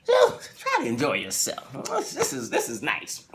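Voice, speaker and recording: A man voicing an excitable middle-aged wife in a raised, gushing voice. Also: very high voice, measured pace, voice pushed up, exaggerated voice.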